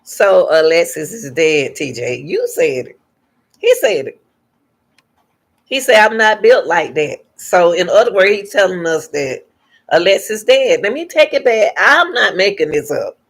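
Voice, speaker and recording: A woman's voice: lowish voice, big pitch swings, measured pace, breathy edge. A woman hosting a reaction channel, giving emphatic commentary and repeating her points to her viewers.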